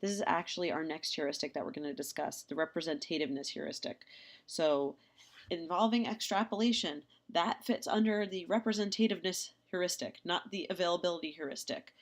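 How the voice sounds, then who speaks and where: Female lecturer, lowish voice, conversational and filler-heavy, narrating slides. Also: brisk. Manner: casual, chatty with many ums and restarts; acts out lively quoted dialogue in examples.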